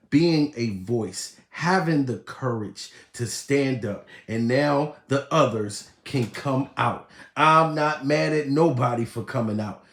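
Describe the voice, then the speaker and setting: A man doing a profane comedic rant as host, animated and laughing, swinging between shouts and low asides. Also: echoey room.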